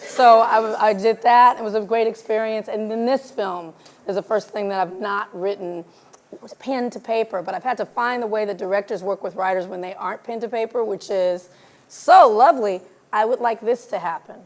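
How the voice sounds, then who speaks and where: Speaking at a moderate pace in a mid-range voice, a female film director chats casually as a guest at a live event. She's an animated storyteller who performs the dialogue she quotes.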